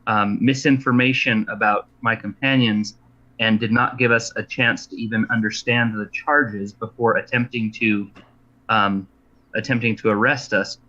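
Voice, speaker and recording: A male tabletop player, talking in a bright voice with hesitant fillers and playful boasts. The sound is dull and lo-fi. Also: fairly low pitch, steady tone, normal speed. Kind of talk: casual tabletop play.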